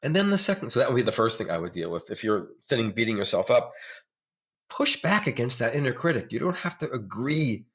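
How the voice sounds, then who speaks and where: A man's voice: mid-range voice, sing-song, a little fast, fairly bright tone. A middle-aged man speaking as a therapist guest in a conversational interview, earnest and emphatic, explaining ideas through examples.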